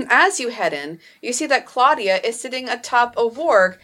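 A woman's voice: a little high, lively intonation, a little slow, pushed and bright. Woman narrating a tabletop game. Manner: chatty, casual narration with fillers. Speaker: game master.

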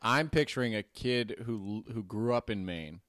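A man's voice: fairly low pitch, moderate pace, a bit bright, dry recording, studio quality. A man co-hosting a comedy podcast, joking and riffing through the chat. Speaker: podcast co-host.

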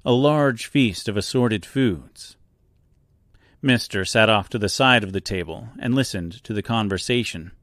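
A man narrating a chapter of a novel as an audiobook, in a measured storytelling way. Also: on the low side, no echo, studio quality.

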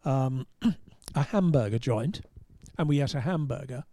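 Wry English storyteller with a mellow voice. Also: male voice, mid-range voice, lively intonation, measured pace, dry recording. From England. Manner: wry, rambling storyteller with restarts. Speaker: motorsport journalist. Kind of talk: casual anecdote on a podcast.

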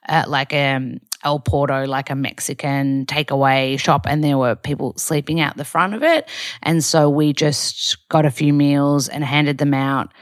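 A woman's voice: deep voice, steady tone, moderate pace, smooth, no echo, studio quality. A woman in her thirties telling a story in a casual vlog, chatty and full of "like" fillers. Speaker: vlogger.

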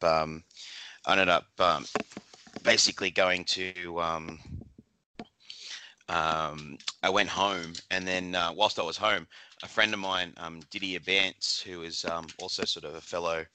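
A man's voice: deep voice, bright, forceful tone, slight background noise. A man with an Australian accent, a guest in a podcast interview, chatting casually with lots of fillers, restarts and laughs.

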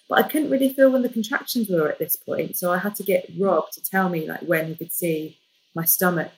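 A woman tells a personal story in a casual, animated way, slipping in jokes as she goes. Her voice sits a little low for a woman. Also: poor audio. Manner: lively, jokey, animated retelling. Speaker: guest.

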